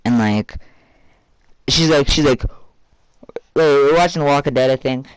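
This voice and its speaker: A man's voice: mid-range voice, a little slow, clear, resonant tone, no room sound. Rambling young guy telling a story. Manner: casual, filler-heavy, swears freely. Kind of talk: rambling story-time vlog.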